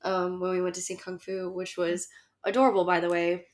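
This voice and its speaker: Congested low-voiced woman. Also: flat delivery, fairly quick. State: congested from a cold. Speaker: podcast co-host. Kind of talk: casual chat.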